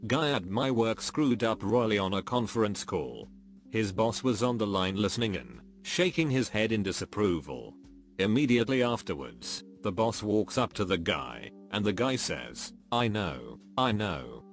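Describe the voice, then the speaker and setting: Male narrator, lower register, expressive lively read of short anecdotes, soft music bed behind. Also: moderate pace. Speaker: narrator reading online posts. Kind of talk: scripted narration.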